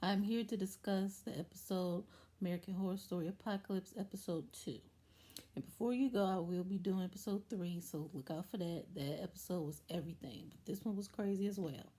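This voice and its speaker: A woman hosting her own online show, chatting casually as she recaps a TV episode in an animated storytelling way. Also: mid-range voice, a little fast. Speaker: YouTube show host.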